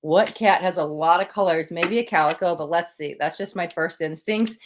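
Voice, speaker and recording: A woman's voice: on the low side, lively intonation, a little fast, hardly any pauses. A young woman hosting a live-stream tarot reading, emotional and gushing as she talks straight to her viewers.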